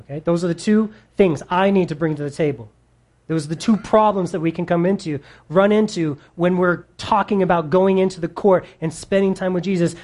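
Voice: mid-range voice, brisk, a little mellow. A preacher giving a sermon in a conversational way, asking the listeners questions and adding wry humorous asides.

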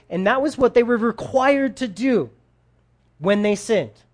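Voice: medium pitch, expressive, unhurried. A Bible teacher giving a casual sermon, talking in a conversational, slangy way and paraphrasing scripture in everyday speech.

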